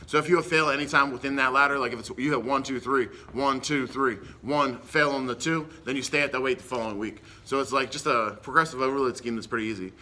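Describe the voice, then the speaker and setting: A man talking very fast in a sharp, tense, bright voice. He is a strength coach chatting as a podcast guest, loose and energetic, full of gym slang. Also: medium pitch. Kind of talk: casual podcast chat.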